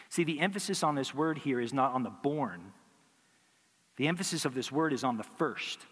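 A man's voice: fairly high pitch, lively intonation, normal speed, fairly bright tone, long reverb tail. A man preaching a sermon as pastor, teaching through rhetorical questions and acting out imagined replies.

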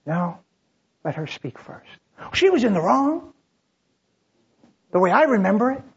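Husky man preaching a sermon story. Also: high-pitched, sing-song, measured pace, muffled recording. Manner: tells a story in third person with short dramatic lines and repeated restarts. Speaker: pastor.

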